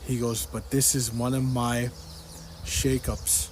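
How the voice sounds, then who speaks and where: A man's voice: medium pitch, flat delivery, slow, a little hiss or hum. A man giving a personal religious testimony, earnestly retelling a dream and repeating what he was told again and again. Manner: earnest, repetitive, quotes the speaker in the dream again and again.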